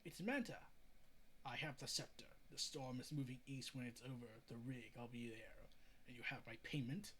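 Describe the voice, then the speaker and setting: A man voicing a cold, quiet male supervillain, reading comic dialogue in a low, hushed voice. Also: normal speed, slight background noise, natural voice, rough recording. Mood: cold menace. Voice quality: low, hushed, close to a whisper.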